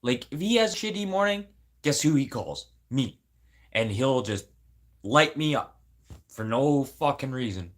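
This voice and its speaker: A man in his forties rants on a livestream while crying. His venting is angry, profane and rambling, and his voice sits at an ordinary middle pitch. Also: expressive, measured pace. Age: 40s. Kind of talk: emotional livestream rant.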